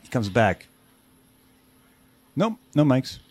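A man's voice: mid-range voice, slow. A man co-hosting a casual reaction show, joking, swearing freely and laughing often. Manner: animated, swearing, laughing, jokey. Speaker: podcast co-host.

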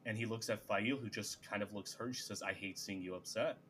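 A man's voice: on the low side, quick pace, a little hiss or hum. A man co-hosting a casual chat, retelling scenes and acting out the characters' lines. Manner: animated, acts out characters' lines. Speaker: podcast co-host.

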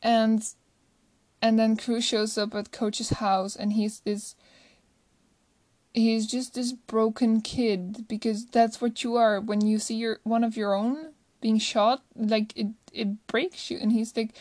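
A woman's voice: fairly high pitch, flat delivery, measured pace, a little mellow, no room sound. A woman chatting casually about a movie she loves, gushing and rambling, often restarting her sentences. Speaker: movie reviewer. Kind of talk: casual chat.

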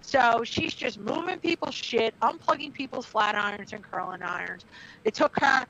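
A woman's voice: a little high, normal speed, vocal fry, a bit bright. A middle-aged woman and former wrestler telling a heated story in blunt, profane casual talk. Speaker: former wrestler, podcast guest. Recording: dull lo-fi recording.

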